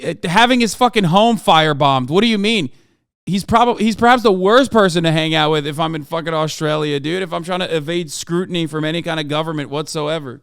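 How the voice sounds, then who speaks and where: A man's voice: on the high side, brisk, gravelly, clear, resonant tone, no room sound, studio quality. A man hosting a live stream, reacting to political clips in casual, profane, slangy commentary. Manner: animated, profane, slangy, addresses chat as bro. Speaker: streamer host.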